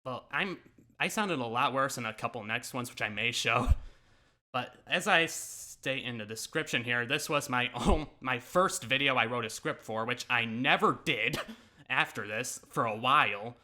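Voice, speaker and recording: A man's voice: mid-range voice, moderate pace, bright, forceful tone. A man YouTuber reacting to his own old videos in casual, self-mocking commentary, laughing often and swearing.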